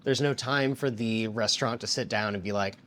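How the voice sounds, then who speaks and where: A man's voice: on the low side, a little fast. Laid-back man, rambling casual talk. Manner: relaxed, rambling with many "like" fillers.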